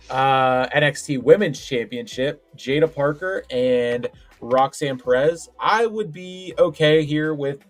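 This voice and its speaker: A man co-hosting a podcast, chatting casually with lots of restarts and filler. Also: mid-range voice. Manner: rambling, full of restarts and "like". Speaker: podcast co-host. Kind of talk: casual wrestling predictions chat.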